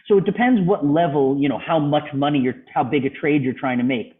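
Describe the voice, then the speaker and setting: A man with a fairly high voice and a brisk pace teaches a trading club over a video call, going through charts and quizzing a student. The audio sounds phone-like.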